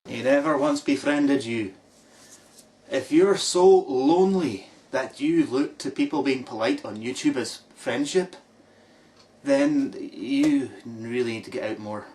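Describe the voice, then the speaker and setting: A man's voice: mid-range voice, takes it slowly, a little mellow. A Scottish man mocking a critic in a sarcastic response video, drawing out his put-downs. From Scotland. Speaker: video blogger replying to a critic. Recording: distant mic with faint background noise.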